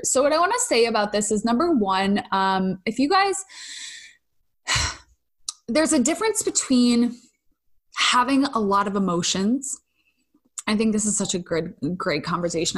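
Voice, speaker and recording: Woman, podcast host, casual solo talk, candid, effusive, mid-pitched voice, casual swearing, sighs and laughs. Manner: emotionally expressive, sighs and laughs between thoughts.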